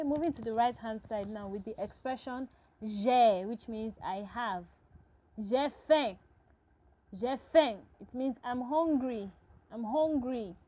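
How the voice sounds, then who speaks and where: A woman with a fairly high voice walks absent students through a recorded French lesson. She talks patiently and repeats each phrase slowly. She often checks in with a quick "okay?". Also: dark tone, rough recording. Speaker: French teacher.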